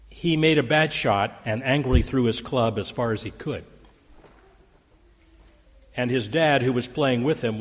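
Pastor, man, mid-pitched, theatrical preaching style, recorded in a reverberant sanctuary. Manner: dramatic, quoting scripture with raised force. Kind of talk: sermon. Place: church sanctuary.

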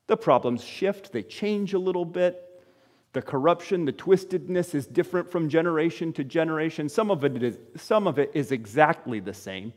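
A man preaching a sermon to his congregation, firing off rhetorical questions and swinging between loud exclamations and quiet, low asides. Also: expressive, moderate pace, big-room sound. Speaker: pastor.

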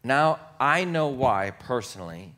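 A man's voice: mid-range voice, big pitch swings, unhurried, pushed and bright. A male pastor preaching a sermon in a conversational, self-deprecating way, using playful repetition and humor. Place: church sanctuary.

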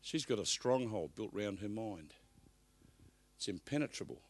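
A man preaching a live sermon at a church service, emphatic, swinging from loud bursts to hushed asides. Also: fairly low pitch, lively intonation, normal speed, no room sound.

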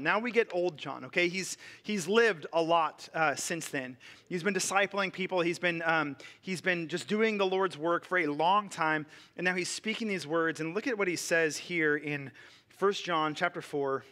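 A man's voice: a little high, normal speed, pushed and bright. A man, a pastor in his thirties, preaching a sermon in a casual, conversational way, with fillers and restarts.

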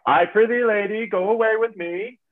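A man playing a grave, consoling defeated king in a classical stage drama, with measured declamatory verse. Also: high-pitched, steady tone, lightly acted. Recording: tinny phone-like radio sound.

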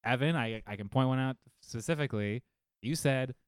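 A man co-hosting a casual fantasy football podcast, telling stories in a lively, profane way from a home studio. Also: mid-range voice, normal speed, clean tone, dry recording. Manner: animated, profane storytelling. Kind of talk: casual chat. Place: home studio living room.

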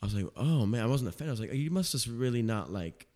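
A man's voice: mid-range voice, expressive, a little mellow. A young man, a bartender, telling stories in a casual podcast chat, acting out customers in his own voice. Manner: rapid storytelling, quotes customers in his own voice. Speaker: bartender guest.

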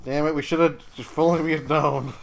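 A man's voice: fairly high pitch, fairly even intonation, brisk, vocal fry. A man co-hosting a podcast in casual chat, joking and bantering.

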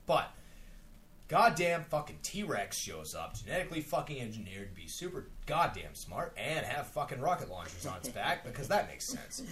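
A man's voice: medium pitch, a little hiss or hum. A man hosting a casual podcast, telling a gaming story with lots of swearing and sarcasm. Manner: profane, animated storytelling with sarcasm. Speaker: podcast host. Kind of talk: casual chat.

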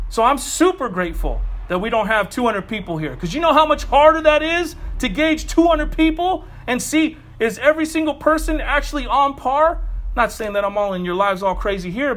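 A man's voice: high voice, fairly bright tone. A middle-aged male pastor preaching a sermon in a fired-up, conversational way with casual asides.

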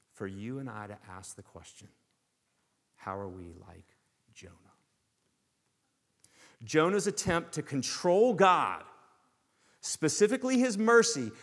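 A man preaching a sermon to his congregation with a lively, sweeping delivery, his voice riding up and down as he poses question after question. His pitch sits a touch high for a man, and the long reverb of a church hall trails each phrase. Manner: animated preaching, rhetorical questions, swings from loud to hushed. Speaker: pastor.

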